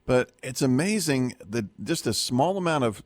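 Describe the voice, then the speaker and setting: A man's voice: medium pitch, expressive, moderate pace, dry recording. A middle-aged man from Georgia, chatting in an easygoing, earnest way on a morning radio show. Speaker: show regular. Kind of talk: casual radio chat.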